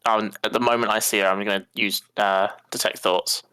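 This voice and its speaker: A man's voice: lowish voice, level tone, fairly quick, pushed and bright, clear, resonant tone, no echo. A man playing a tabletop game, hesitant and full of fillers. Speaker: player. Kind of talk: casual tabletop game play.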